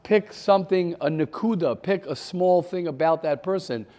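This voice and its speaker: A man's voice: high-pitched, moderate pace, warm tone. A man giving an informal Torah class in a conversational way, often repeating phrases and taking questions from students.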